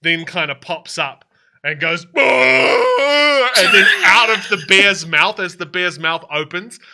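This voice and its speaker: A man's voice: a little high, a little slow, sharp tone. A man narrating as dungeon master in a tabletop game, rambling and hesitant, often laughing through his descriptions.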